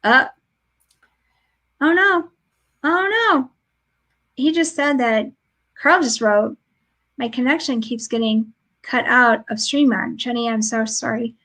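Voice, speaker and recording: Chatty, laughing woman host, higher voice. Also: fairly even intonation, a little slow, fairly bright tone, rough recording. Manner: chatty storyteller, laughs often. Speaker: podcast host. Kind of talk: casual chat. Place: home, remote stream.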